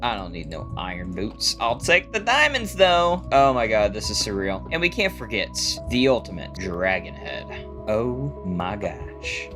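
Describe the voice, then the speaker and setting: Guy doing gameplay commentary, super animated voice, jokey and laughing a lot, bit of music in the back. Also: on the low side, measured pace. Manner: excitable, laughs often, jokey slang. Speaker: gaming YouTuber. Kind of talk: playful gameplay commentary and narration.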